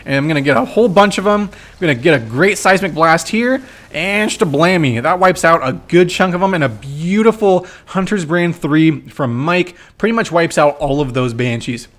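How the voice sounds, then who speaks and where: Young man, gameplay commentary, excitable, swears a lot, slightly high voice. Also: moderate pace, hardly any pauses. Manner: excitable, swears, shouts when reenacting his trash talk. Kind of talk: casual match breakdown commentary.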